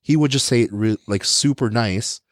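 A man's voice: mid-range voice, normal speed, no room sound. A man co-hosting a podcast, telling stories in casual, profane chat and imitating the people he quotes. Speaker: podcast co-host.

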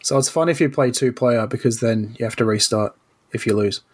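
A man's voice: mid-range voice, fairly quick, slightly rough. A man who is a podcast regular in casual chat, making dry, blunt remarks.

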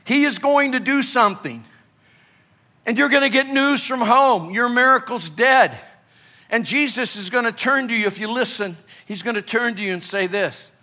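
A male pastor from Illinois, speaking at normal speed in a very high-pitched voice, preaches an animated sermon that swings between loud urgency and quiet, hushed moments.

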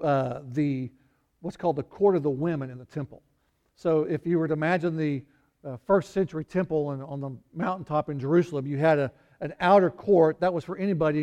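High-voiced man preaching conversationally. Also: mellow. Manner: conversational, acts out quoted speech with small laughs and sighs. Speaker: pastor. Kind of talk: sermon.

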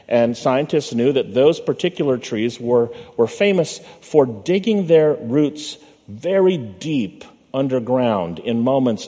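A male pastor preaching a sermon in a church sanctuary. He uses a measured preaching cadence, slowing down and dropping low on the words he wants to land. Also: dark tone. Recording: long reverb of a church hall.

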